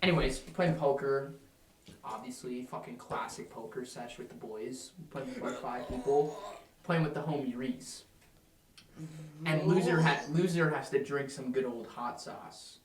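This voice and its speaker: A man's voice: medium pitch, measured pace, echoey room, a crowd in the background. A young man co-hosting a podcast, telling profane stories in casual chat with frequent laughter. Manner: profane, animated storytelling with laughter. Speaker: podcast co-host.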